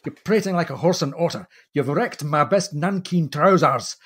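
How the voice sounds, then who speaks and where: A man's voice: fairly high pitch, moderate pace, fairly bright tone, husky, pitched above the performer's own voice. A man voicing an indignant middle-aged Scottish naval officer with a Scottish accent. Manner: indignant outburst.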